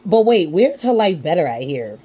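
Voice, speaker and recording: A woman's voice: lowish voice, very animated, moderate pace, warm tone, breathy edge. A woman hosting a casual commentary channel, talking back at a clip in a sassy, mocking way.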